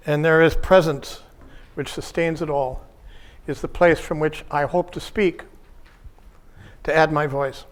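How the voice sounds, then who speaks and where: A pastoral counselor gives a reflective workshop talk, speaking in short, measured phrases. His voice is fairly high in pitch.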